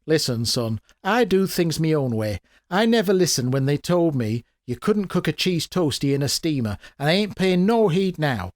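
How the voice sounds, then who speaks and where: A man's voice: on the high side, sing-song, moderate pace, few pauses, no room sound, studio quality. A man voicing a shrewd, sly old woman who talks in a folksy, blunt, knowing way. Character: shrewd old woman, sly, tough-talking, feigns frailty.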